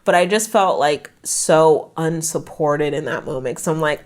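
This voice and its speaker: Young american woman, low voice, frank and animated, telling her story on a podcast. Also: a little slow. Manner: frank, animated retelling with laughter. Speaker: podcast guest, branding specialist. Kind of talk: candid conversational storytelling.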